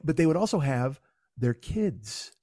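On a podcast, a male co-host with a voice on the high side chats casually at a measured pace. He's a profane, animated storyteller who swears a lot and mimics people, captured in a dry, studio-quality recording.

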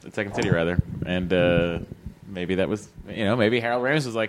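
A man's voice: low voice, a little fast, noisy background. A man co-hosting a casual comedy podcast, joking and easygoing as he talks.

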